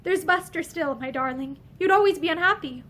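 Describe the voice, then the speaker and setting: A woman reading the part of an anguished man torn by forbidden love, speaking in a hoarse, pleading way in her own high voice. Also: a little fast, a bit bright.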